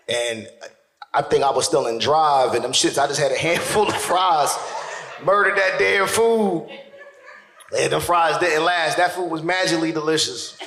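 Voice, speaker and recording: A male stand-up comedian telling a profane story, animated and shouting his punchlines on stage. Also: a little high, moderate pace, roomy sound, a crowd in the background.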